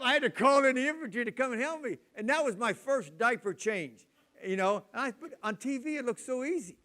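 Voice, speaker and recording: A man in his sixties delivers a sermon with a noticeably high voice for a man. He talks loud and animated, spinning homespun stories from family life as he preaches. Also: brisk. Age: 60s.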